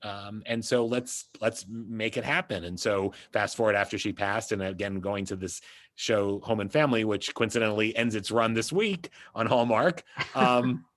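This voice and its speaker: A man's voice: on the low side, normal speed, fairly bright tone, dry recording. A man from the United States, a publicist being interviewed, telling a personal story in a casual, rambling way with lots of "you know" and restarts.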